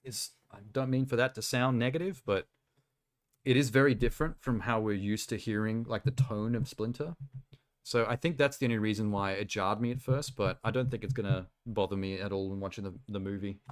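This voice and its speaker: Male streamer, slightly low voice, loose rambling chat reacting to trailers with easy laughs. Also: fairly quick. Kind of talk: casual live-stream chat. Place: home streaming setup.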